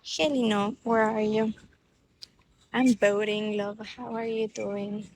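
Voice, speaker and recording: Young woman, slow chatty livestream talk, gravelly fry, faint background hiss, phone on a boat. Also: medium pitch, fairly even intonation. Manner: chatty, many "like" fillers. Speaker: livestream vlogger. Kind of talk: casual livestream chat with viewers. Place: on a boat outdoors, windy.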